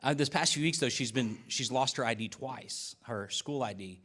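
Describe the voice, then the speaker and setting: A man's voice: medium pitch, normal speed, a bit bright. A man preaching a conversational sermon as pastor, telling stories in a casual, folksy way with asides and acted-out dialogue. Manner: uses y'all and folksy speech.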